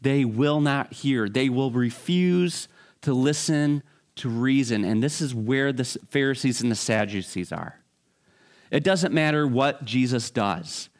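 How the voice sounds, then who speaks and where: A man's voice: mid-range voice, measured pace. A man preaching a Bible teaching sermon in a conversational way, with frequent restarts and fillers.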